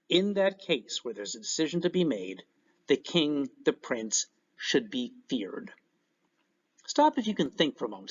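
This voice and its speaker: A man teaching a recorded class lecture in an animated way, with joking asides. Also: medium pitch, husky. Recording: dull lo-fi recording.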